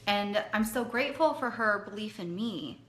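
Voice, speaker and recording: Woman, direct sales leader, motivational talk, earnest, conversational, crisp bright tone. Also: medium pitch, lively intonation, normal speed. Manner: earnest, conversational, repeats for emphasis.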